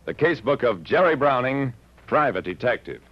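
A man's voice: medium pitch, moderate pace, no room sound. An actor playing a wry private detective who narrates his own case, in 1940s radio acting. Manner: dry, wry narration with lively delivery. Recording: dull vintage radio recording with faint hiss.

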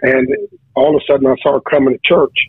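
A man's voice: a little high, big pitch swings, fast talker, vocal fry, slightly rough, dry recording. A man, a preacher, telling his testimony in casual talk, with frequent restarts and repeated words. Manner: storytelling, many restarts and stammered repeats. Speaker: preacher guest. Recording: tinny phone line.

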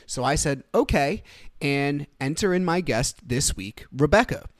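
Podcast host, male, slightly high voice, chatty and animated, dry close sound. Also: moderate pace, dry recording. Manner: chatty, animated storyteller with fillers. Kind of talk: casual podcast chat.

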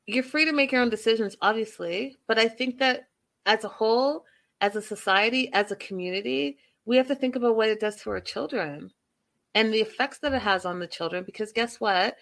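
A woman's voice: fairly high pitch, a little fast, a bit bright. A woman giving casual, passionate commentary on a reality show, full of emphatic rhetorical questions.

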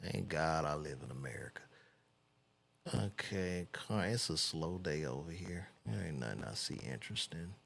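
A man's voice: rumbling low, expressive, moderate pace, creaky, a bit bright. A man casually reading celebrity news aloud and reacting with loose, profane commentary while he browses.

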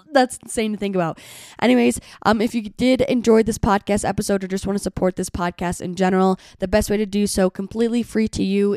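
Hoarse woman chatting on a podcast. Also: mid-range voice, dark tone, no echo, studio quality. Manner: chatty, lots of "like" fillers. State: hoarse from being sick. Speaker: podcast host. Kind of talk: casual solo podcast talk.

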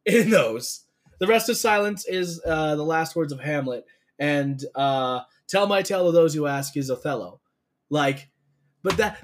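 A man co-hosting a podcast, chatting excitably and rambling, swearing freely as he tells stories. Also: fairly high pitch. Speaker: podcast co-host. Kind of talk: casual chat.

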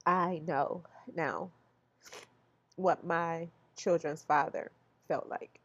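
A woman's voice: low voice, vocal fry, breathy edge, lo-fi sound. A woman hosting a podcast as a life coach, talking in an emotional, casual and confiding way.

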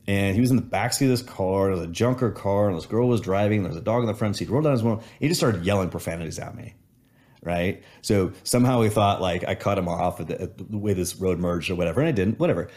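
A man's voice: fairly low pitch, fast, a little mellow. A man in casual conversation, reflecting on gratitude and telling a story with many restarts.

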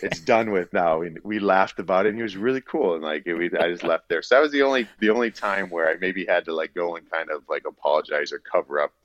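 Middle-aged man, very low voice, rambling storyteller, dry, slightly dull audio. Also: quick pace, few pauses, no echo. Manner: rambling, animated anecdote telling with acted-out quotes. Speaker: guest, former hockey player turned broadcaster. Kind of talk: casual storytelling in an interview.

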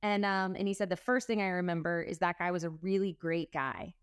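Smooth, low-pitched woman telling her story. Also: fairly quick, no room sound, studio quality. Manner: earnest, tumbling storytelling full of quoted dialogue. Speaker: guest. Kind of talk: personal storytelling in conversation.

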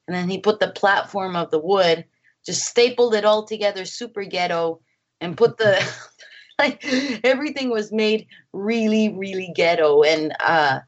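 A woman filmmaker chatting as an interview guest, lively and full of acted-out quotes and laughter. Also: medium pitch, unhurried, dull audio. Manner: animated, acts out quotes, laughs often. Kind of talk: casual interview chat. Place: home.

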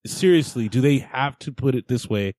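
A man's voice: medium pitch, lively intonation, moderate pace, darkish tone, no room sound. A man co-hosting a fan podcast in casual chat, amused and incredulous, talking in loose bursts full of "like". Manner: amused, incredulous, many "like" fillers. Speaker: podcast co-host.

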